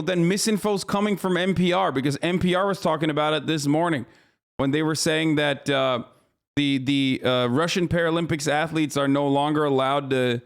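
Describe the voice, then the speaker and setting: A man livestreaming casual commentary, ranting in an exasperated, profane way and rambling with frequent restarts. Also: on the high side. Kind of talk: casual live-stream commentary.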